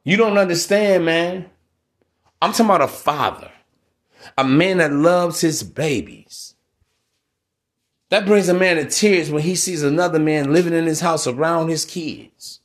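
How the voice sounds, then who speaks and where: A man's voice: fairly high pitch, measured pace. A man hosting a solo podcast, ranting in a blunt, preachy, profane way. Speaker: podcast host.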